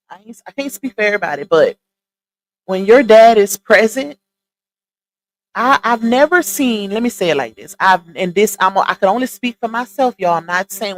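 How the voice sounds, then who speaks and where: A woman's voice: medium pitch, poor audio. Chatty woman streamer, casual commentary. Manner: chatty, emphatic, addresses viewers directly. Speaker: live stream host.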